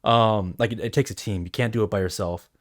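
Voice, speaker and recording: A man's voice: lowish voice, steady tone, fairly quick. A man co-hosting a casual movie podcast, rambling with lots of fillers and swearing. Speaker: podcast co-host. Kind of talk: casual movie review chat.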